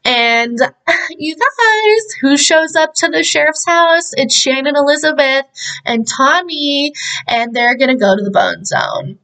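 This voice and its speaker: A woman with a slightly high voice talks her way through a film recap. She rambles, swears freely and leans on filler words. The chat sounds casual and unscripted, recorded at home. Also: lively intonation, measured pace, pushed and bright. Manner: rambling and profane, heavy use of "like". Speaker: podcast host recapping a film.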